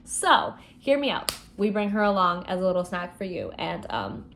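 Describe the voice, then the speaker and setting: A woman voicing a cocky, dramatic young immortal man in a high, sing-song, theatrical tone. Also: sing-song, moderate pace, a bit bright. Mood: smug scheming.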